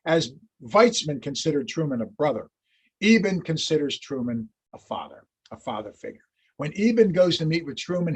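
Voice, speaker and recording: A man lectures on history in a storytelling way and acts out the quotes. His voice is husky and a little higher than most men's. He talks to an audience. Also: darkish tone.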